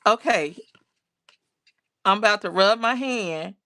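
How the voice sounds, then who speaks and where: A woman's voice: mid-range voice, slow, a bit bright. A woman hosting a casual crafting livestream, greeting viewers by name, reading their comments aloud and talking herself through her work. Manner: talks to herself while working on crafts.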